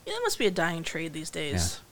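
A woman in her thirties co-hosting a casual podcast, reacting quickly and cracking wry jokes. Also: low-pitched, wildly swooping pitch. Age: 30s. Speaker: podcast co-host. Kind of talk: casual chat.

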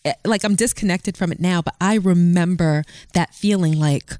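A woman's voice: fairly low pitch, moderate pace, hardly any pauses, a little mellow, dry recording, clean studio sound. A woman co-hosting a podcast, speaking candidly and reflectively in casual chat. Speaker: podcast co-host.

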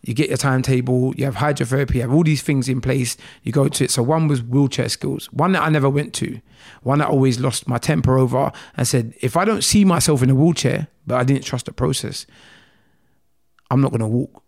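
London guy, gravelly voice, animated storyteller, jumps way up when he quotes people. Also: mid-range voice, brisk. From England. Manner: animated, acts out dialogue with rising voice. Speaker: guest. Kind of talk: emotional personal storytelling.

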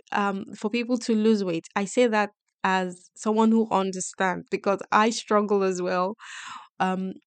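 A woman's voice: mid-range voice, darkish tone, no echo. A woman hosting a coaching podcast, teaching in an explanatory monologue and checking in with listeners often. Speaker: podcast host and wealth coach.

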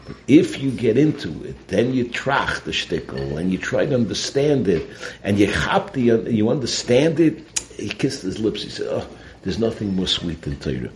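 A man's voice: on the low side, sing-song, moderate pace, a little mellow, slight background noise, low-quality recording. A man giving a Torah talk full of stories, mixing in Yiddish and Hebrew terms. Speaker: Torah teacher.

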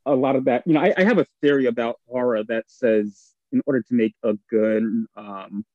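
A man's voice: mid-range voice, a little fast, no room sound, dull audio. A man in a panel discussion who lays out his ideas thoughtfully, hesitating with frequent fillers. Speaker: podcast panelist. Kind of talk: casual discussion.

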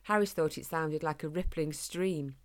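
A woman narrates a children's storybook. She reads in a gentle, measured way, and her voice sits on the lower side. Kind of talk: storybook reading.

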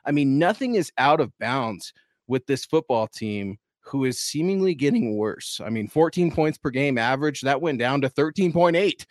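Male sports stream co-host, mid-pitched, opinionated and talkative, dry close sound. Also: lively intonation, normal speed, dry recording. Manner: opinionated, talks at length, chatty. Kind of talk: casual livestream chat.

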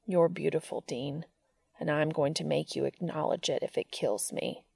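Commanding young man, quiet and gravelly, read by a woman. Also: low-pitched, fairly even intonation, moderate pace, no room sound, pitched below the performer's own voice, exaggerated voice. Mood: low coaxing. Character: dominant young man, tender and teasing.

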